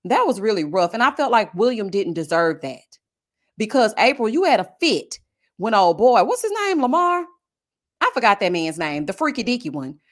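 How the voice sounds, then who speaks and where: A woman's voice: mid-range voice, normal speed. A woman giving a casual, sassy review of a reality TV show, acting out what people said. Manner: sassy, animated, acts out quoted people. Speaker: reality TV commentator.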